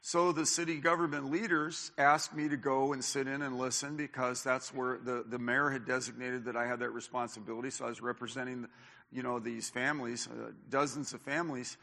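A man's voice: mid-range voice, brisk, vocal fry. A male pastor preaching a sermon in a church, telling personal stories, acting out what people said, with many restarts. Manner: animated storyteller, acts out quotes, many restarts. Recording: long reverb of a church hall.

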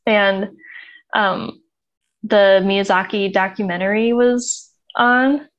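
A woman's voice: mid-range voice, fairly even intonation, slow pace, highs cut off. Woman cohost chatting away, laughs a lot, casual storytelling. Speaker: podcast co-host. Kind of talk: casual chat.

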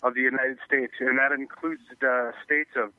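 A man's voice: medium pitch, fairly even intonation, moderate pace, dry recording. A man interviewed by phone as a youth ministry guest, explaining in an earnest way. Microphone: telephone. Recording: tinny phone line.

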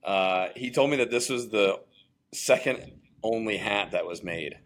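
Male actor, thirties, from New Jersey; low-pitched, easygoing storyteller. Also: a little slow. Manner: upbeat, chatty storyteller with fillers. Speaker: actor, podcast guest. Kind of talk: casual interview storytelling.

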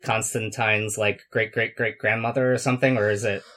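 A man's voice: lowish voice, little pitch movement, a little fast, bright, forceful tone. A man co-hosting a casual chat, wry and sarcastic in his asides. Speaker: podcast co-host.

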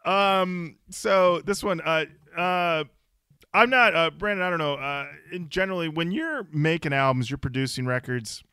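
A man's voice: a little high, moderate pace, smooth, dry recording, clean studio sound. A man co-hosting a podcast, chatting casually and joking, often acting out song lyrics in quoted voices. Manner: animated, jokey, acts out lyrics in quoted voices. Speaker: podcast co-host. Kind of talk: casual chat.

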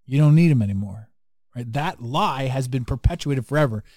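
A man's voice: mid-range voice, lively intonation, fairly quick, darkish tone, dry recording, clean studio sound. A man hosting a casual podcast conversation, talking bluntly and emphatically and swearing freely. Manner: blunt, profane, emphatic and preachy. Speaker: podcast host.

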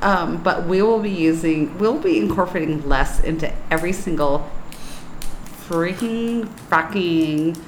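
A woman's voice: lowish voice, a little slow, reverberant, a little hiss or hum, low-quality recording. A woman co-hosting a podcast in casual chat, amused and laughing often. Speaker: podcast co-host. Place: apartment room.

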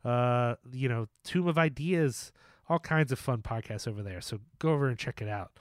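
A man's voice: medium pitch, normal speed, no echo, studio quality. A man co-hosting a casual film podcast, talking loosely with many fillers, restarts and jokes. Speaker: podcast co-host.

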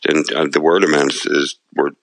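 A man with a very low, gravelly voice co-hosts a podcast in casual conversation. He rambles through stories and laughs often. The sound is close and dry. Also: level tone, moderate pace, fairly bright tone, dry recording, low-quality recording. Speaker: podcast co-host. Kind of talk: casual chat.

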